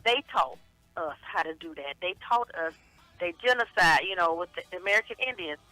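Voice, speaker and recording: A woman co-hosting a casual talk radio show, speaking in a measured, reflective way with affectionate greetings. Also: lowish voice, lively intonation, pushed and bright, dry recording, faint music behind, rough recording. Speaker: show regular and co-host.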